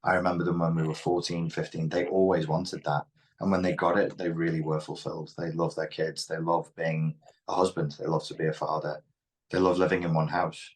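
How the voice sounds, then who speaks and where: A man's voice: rumbling low, flat delivery, brisk. A man with a Liverpool Scouse accent, speaking frankly and reflectively as an interview guest. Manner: reflective, frank, occasionally swears. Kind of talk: candid interview talk.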